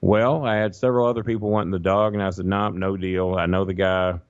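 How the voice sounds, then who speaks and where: A man telling a long, profane, animated story in a casual podcast chat. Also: deep voice, brisk, clean tone, no echo, highs cut off. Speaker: guest storyteller.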